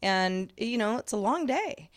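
A woman's voice: fairly high pitch, expressive, a little slow, no echo, studio quality. A woman in casual conversation, talkative, often restarting her sentences with light laughs. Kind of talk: casual chat.

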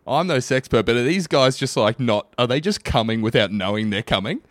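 A man's voice: mid-range voice, lively intonation, brisk, no echo. A young man co-hosting a comedy podcast, rambling with crude, self-mocking banter. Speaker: podcast co-host.

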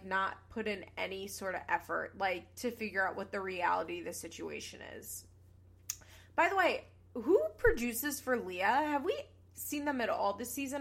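A woman's voice: mid-range voice, fairly bright tone. Chatty sarcastic woman recapping TV. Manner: chatty, sarcastic, swears casually, quick asides. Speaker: podcast host recapping a reality show. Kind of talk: casual chat.

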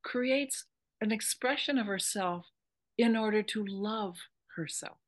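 A woman's voice: medium pitch, takes it slowly. A woman spiritual teacher in an interview, earnestly explaining a meditation practice step by step.

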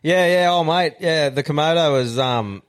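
A man's voice: on the high side, moderate pace. An Australian man co-hosting a podcast, blunt and swearing often as he moves the show along. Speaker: podcast co-host. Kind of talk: casual banter.

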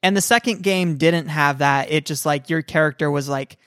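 A woman co-hosting a casual chat about video games, animated and rambling, laughing often. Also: sits low, moderate pace, dry recording, clean studio sound. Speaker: podcast co-host.

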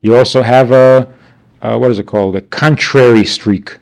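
A man's voice: medium pitch, steady tone, normal speed, vocal fry, a little mellow. A man teaching a class, asking rhetorical questions and answering them himself with wry, mock-indignant asides. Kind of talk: class lecture.

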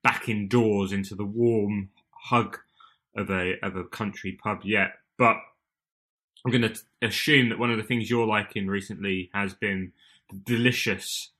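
Male podcast host, punchy bright tone, chatty banter. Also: lowish voice, fairly even intonation, normal speed. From United Kingdom. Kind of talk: casual chat.

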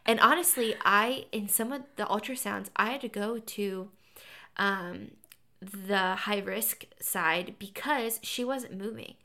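A young woman on a podcast, chatting casually and telling a birth story with animated acted-out quotes. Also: medium pitch, slow pace. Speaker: podcast co-host.

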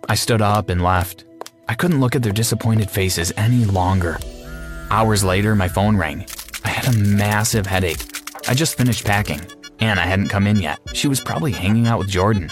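A man with a low voice narrates a first-person story in an earnest, plain way. Faint music runs under him throughout. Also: normal speed.

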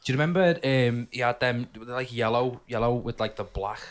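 A man's voice: medium pitch, brisk. A man, a podcast host teasing his friends in casual banter. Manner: teasing, lively.

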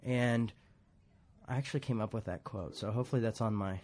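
A man's voice: fairly low pitch, brisk, darkish tone, a little hiss or hum. A man preaching a casual, rambling sermon in a church, joking at his own expense and laughing often. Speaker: pastor.

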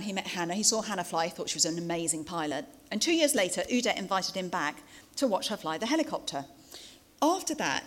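A middle-aged woman telling anecdotes to an audience in a lively, chatty way, with asides and fillers. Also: medium pitch. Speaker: speaker recounting interviews. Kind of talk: storytelling talk to an audience.

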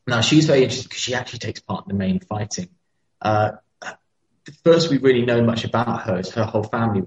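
Male co-host, lowish voice, storytelling with fillers, echoey and dull recording. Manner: storytelling, with frequent fillers and restarts. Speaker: podcast co-host. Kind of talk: casual history chat. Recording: echoey, dull-sounding room.

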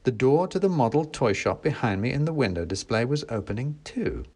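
A man reading a storybook aloud, animated and wry, acting out the dialogue. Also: mid-range voice, fairly quick. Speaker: audiobook reader. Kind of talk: expressive storybook narration.

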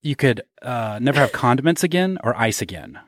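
A man's voice: mid-range voice, big pitch swings, brisk, dry recording, clean studio sound. A man co-hosting a podcast, bantering and joking in casual chat. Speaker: podcast co-host.

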